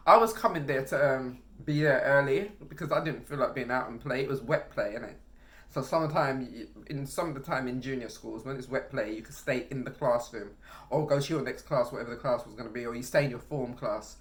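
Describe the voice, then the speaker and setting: A man tells casual stories from his school days. He is animated, laughs often and acts out other people's voices. His voice is mid-pitched. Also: brisk. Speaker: vlogger. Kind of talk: casual storytelling.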